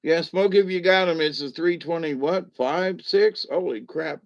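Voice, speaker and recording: A man hosting a casual late-night livestream, rambling and chuckling while a little high. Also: unhurried, dull audio. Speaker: livestream host.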